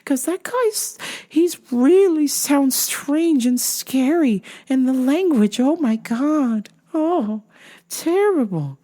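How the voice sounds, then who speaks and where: A woman voicing a frightened elderly shopper who talks slowly and worriedly. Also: sits high, lively intonation, warm tone, voice pushed up. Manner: trembling, slow and worried.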